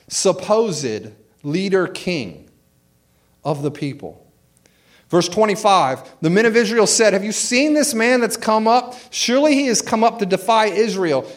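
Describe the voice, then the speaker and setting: A man preaching through a scripture passage, reading verses aloud and then retelling them in casual, everyday words, often repeating a word as he restarts. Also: sits high. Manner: reads scripture then paraphrases it in casual slang. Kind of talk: expository sermon.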